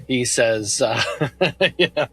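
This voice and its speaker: Animated, laughing man hosting a podcast. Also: mid-range voice, slow pace, breathy edge, no room sound. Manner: animated, laughs often, quotes lines from the film. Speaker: podcast host. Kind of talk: casual movie discussion.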